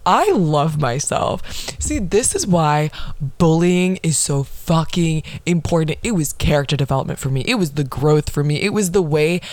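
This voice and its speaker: A woman's voice: low-pitched, lively intonation, moderate pace, darkish tone, dry recording. A young woman hosting a casual podcast, reading old posts aloud in a sassy, profane manner and laughing at her past self. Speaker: podcast host.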